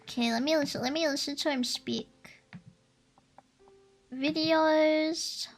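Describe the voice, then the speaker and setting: A woman with a bright, high voice, talking casually to her stream viewers. She rambles, giggles and thinks out loud as she goes. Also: slow pace, faint music behind.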